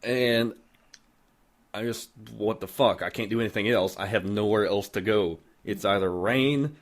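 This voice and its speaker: A man's voice: lowish voice, fairly even intonation, normal speed. A man co-hosting a podcast who tells a ghost story in a rambling, casual way and swears freely. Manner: profane, rambling. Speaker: podcast co-host.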